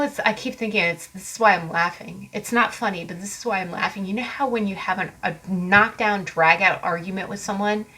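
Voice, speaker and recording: A woman doing a casual tarot card reading for viewers, animated and sassy, laughing often and cussing freely. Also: mid-range voice, rough recording. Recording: background hiss from mic fault.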